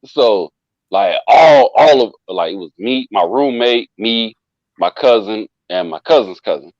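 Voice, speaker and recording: A man's voice: on the low side, unhurried, no room sound. A man casually telling a long, profane party story to a friend, acting out what people said. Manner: animated, profane, acts out quoted voices. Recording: dull lo-fi dry sound.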